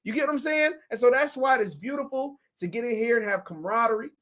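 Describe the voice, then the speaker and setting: A man hosts a casual sports call-in show, trading lively talk with callers. His voice sits very high for a man. He sounds animated and quick to laugh along. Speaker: host.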